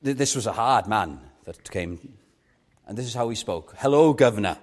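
A man's voice: on the low side, lively intonation, normal speed. A man with a Welsh accent preaching an earnest evangelistic sermon, pleading and building to emphatic repetition.

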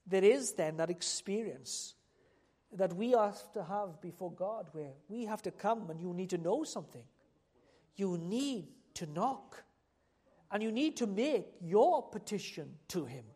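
A preacher delivers a sermon in a mid-range voice. The delivery leans on repeated phrases and rhetorical questions aimed straight at the congregation. It swells into loud, emphatic appeals and then drops back to a quieter, conversational register. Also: medium pitch, lively intonation, a little slow, husky. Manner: addresses listeners directly with rhetorical questions.

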